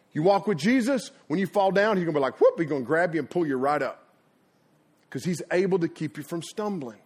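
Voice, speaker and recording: A middle-aged man preaching a sermon, folksy and animated, laughing at his own stories and acting out sounds. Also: a little high, breathy edge. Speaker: pastor. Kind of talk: energetic sermon storytelling. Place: church before a congregation.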